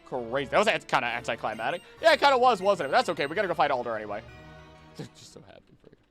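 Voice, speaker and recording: A young man casually commenting on his gameplay while he streams, chatty and animated, with sudden loud outbursts. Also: medium pitch, very fast, faint music behind. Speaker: streamer playing a video game.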